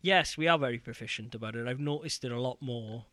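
Lively bright-voiced British man chatting. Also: mid-range voice, fast, no room sound. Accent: British English. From United Kingdom. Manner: animated, ranting, many fillers. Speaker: podcast co-host. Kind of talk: casual chat.

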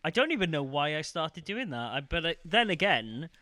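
A man's voice: a little high, very animated, normal speed, bright, forceful tone, no room sound. A man co-hosting a gaming podcast in casual chat, rambling and laughing often as he talks. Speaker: podcast co-host.

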